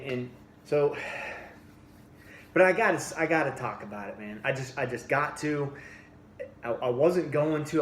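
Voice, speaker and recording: A man's voice: medium pitch, slight background noise. A man in his forties giving a blunt, heated opinion rant for his fitness vlog, often restarting and repeating himself. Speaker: fitness vlogger. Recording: echoey room with faint ambience.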